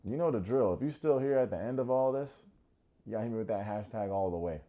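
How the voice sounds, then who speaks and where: Lowish-voiced guy doing a chatty tv recap vlog, animated, talking right to his viewers. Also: a little fast, dull audio. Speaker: TV reality show reviewer. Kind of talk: casual video recap commentary.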